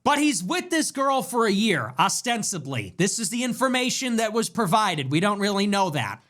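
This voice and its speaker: A man delivering a casual commentary monologue, mocking and ranting, shifting between deadpan asides and near-yelled punchlines. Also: sits high, normal speed. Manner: animated, mocking, ranting, swings from deadpan to yelling. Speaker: online commentator.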